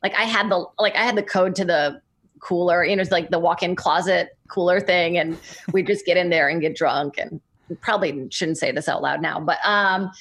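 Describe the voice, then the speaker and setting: A woman's voice: on the low side, moderate pace, fairly bright tone. Chatty, rambling woman. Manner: chatty, rambling, laughs easily. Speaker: guest. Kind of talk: casual chat.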